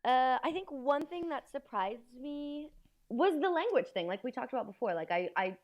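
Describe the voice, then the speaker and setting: Animated American woman telling stories. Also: high-pitched, normal speed. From United States. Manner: animated storyteller who acts out quoted exchanges. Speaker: podcast guest. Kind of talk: casual chat.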